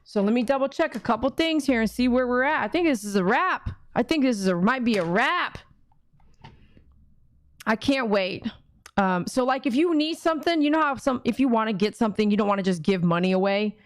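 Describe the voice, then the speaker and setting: A woman pet groomer hosting a live fundraiser stream, chatty and excitable, gushing thanks to donors. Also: fairly high pitch, fairly quick, no echo. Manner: excitable, gushing thanks, sings repeated thank-you chants.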